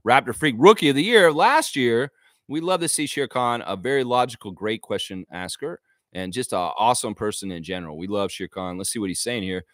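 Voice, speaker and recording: Animated ranting man, dry close sound. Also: mid-range voice, no echo. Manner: animated, ranting, mock-voices in asides. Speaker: host of a basketball fan livestream. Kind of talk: casual livestream commentary.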